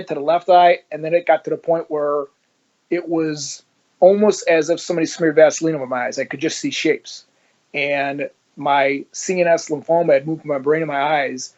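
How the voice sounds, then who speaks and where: A former police officer from Ohio, in the United States, tells his story in an interview, animatedly acting out the dialogue he quotes. His voice is a little high, and the sound is lo-fi.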